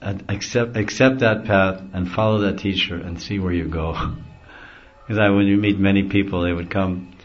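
A man's voice: deep voice, fairly even intonation, moderate pace. A middle-aged man, a spiritual teacher, giving an easygoing devotional talk and chuckling often as he explains. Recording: dull lo-fi recording.

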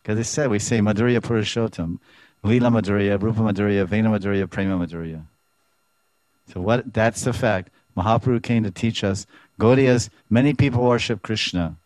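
A man teaching at a devotional lecture, his voice sitting on the low side. He talks expressively, repeats himself as he goes and slips in playful sound effects. The recording is dry, with no room echo. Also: fairly quick, darkish tone. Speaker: Vaishnava teacher.

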